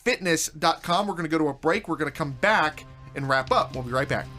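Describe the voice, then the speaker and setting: A male talk show host with a voice pitched high for a man. He is energetic and joking, pokes fun at himself, and rattles off sponsor plugs and phone numbers in the way of a radio show. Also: quick pace, faint music behind. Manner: energetic, joking, self-mocking; reads ads and phone numbers.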